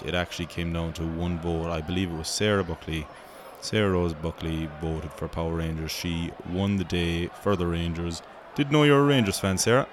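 Low-voiced Irish man, sweary banter. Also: noisy background. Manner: profane, joking, rambling banter. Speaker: host. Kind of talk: mock sports commentary.

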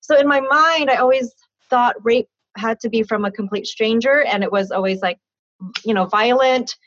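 A guest in her thirties recounts her own story in an interview, candid and lively, laughing often and acting out what was said. She speaks at normal speed in a fairly bright voice on the high side. The audio is dull, dry lo-fi with no room sound.

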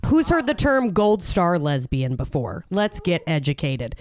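A woman in her thirties performing a stand-up comedy set on a club stage, brash and animated, jumping into high exasperated outbursts. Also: a little slow. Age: 30s. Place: comedy club stage before a live audience.

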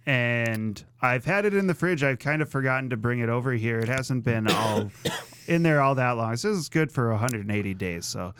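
A man co-hosting a casual podcast chat, jokey and quick to laugh. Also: mid-range voice, fairly bright tone, a little hiss or hum. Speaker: podcast co-host.

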